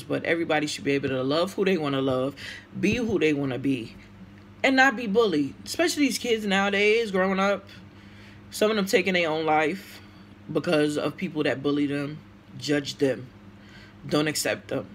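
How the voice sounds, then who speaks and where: A woman's voice: low voice, a little hiss or hum. A woman with a Brooklyn accent, vlogging casually to camera and answering tag questions, emotional and outspoken. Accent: Brooklyn, New York. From United States.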